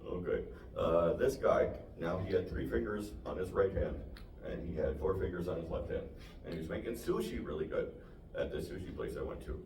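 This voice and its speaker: A man's voice: low-pitched, lively intonation, a little fast, darkish tone. A young man doing a stand-up set to a small audience, rambling and self-deprecating. He laughs often at his own lines. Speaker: stand-up comedian. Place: small live venue. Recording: echoey room, distant mic, noisy.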